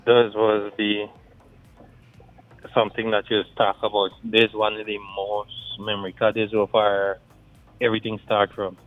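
A man's voice: on the low side, monotone, measured pace, faint music behind. A man calling in with a Guyanese accent, talking bluntly and rambling in creole-tinged phrasing. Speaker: caller. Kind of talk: casual call-in chat. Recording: tinny phone line.

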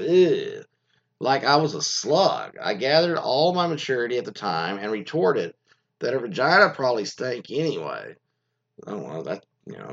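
A man's voice: mid-range voice, muffled recording. A man hosting a casual podcast, reading out listener stories and rambling about them in a crude, meandering way full of fillers and restarts.

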